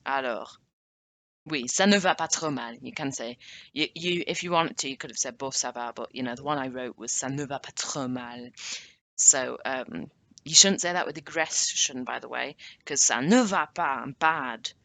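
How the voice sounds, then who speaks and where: A woman giving a casual language lesson, chatting and correcting herself as she sounds out example phrases slowly. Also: very deep voice, gravelly, pushed and bright. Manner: chatty, self-correcting, drawn-out French examples. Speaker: language teacher.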